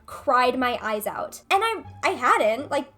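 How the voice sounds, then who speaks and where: A woman's voice: high voice, big pitch swings, slow, pushed and bright, faint music behind. A young woman vlogger retelling a personal story in a chatty, casual way with lots of fillers. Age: young adult. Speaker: gaming vlogger.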